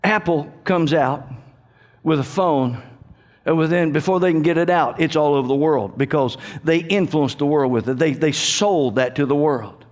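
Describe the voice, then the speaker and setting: Fervent high-voiced preacher man. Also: normal speed. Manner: fervent preaching with rising, emphatic calls. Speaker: pastor. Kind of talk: sermon.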